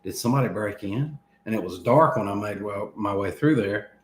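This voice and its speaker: A man's voice: lowish voice, brisk, slight background noise. Man telling a story in a roomy echo. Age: 30s. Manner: animated, laughing between lines, acts out quoted speech. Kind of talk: casual storytelling.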